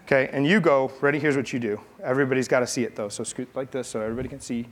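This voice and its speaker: A pastor leads a children's message, telling a Bible story in a playful, chatty way while coaxing and directing kid volunteers. His voice is medium in pitch with a steady tone, and he talks very fast.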